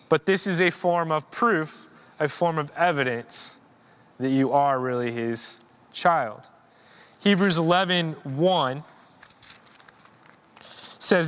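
A man preaches in a church in a loose, conversational way, with a voice pitched high for a man. He often repeats words as he searches for them. When he stresses a point, his voice climbs and gets louder. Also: clean tone. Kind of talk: informal sermon.

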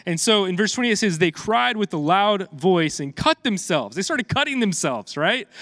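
A man's voice: high-pitched, very animated, moderate pace, few pauses, a bit bright, no echo. Chatty man preaching with a dry sound. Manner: conversational, chatty asides to the congregation, frequent restarts and fillers. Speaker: pastor. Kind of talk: casual sermon with scripture reading.

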